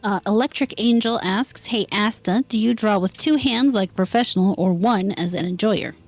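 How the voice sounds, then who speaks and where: A woman's voice: medium pitch, moderate pace, no room sound. Dry young woman reading questions. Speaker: podcast co-host reading questions. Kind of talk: casual podcast chat.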